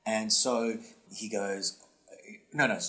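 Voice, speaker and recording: A man co-hosting a comedy podcast, telling a long story with swooping pitch, many fillers and restarts. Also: fairly even intonation, takes it slowly, pushed and bright, soft background music. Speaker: podcast co-host and comedy workshop instructor. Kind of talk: casual podcast chat, storytelling.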